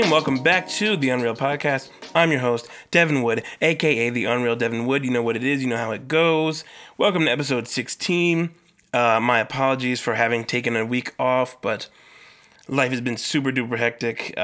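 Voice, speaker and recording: Young dude doing his own podcast, regular pitch, rambling story with lots of swearing and acted-out bits. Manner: animated storyteller who swears freely and acts out the people in his stories. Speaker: podcast host. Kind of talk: casual solo podcast storytelling.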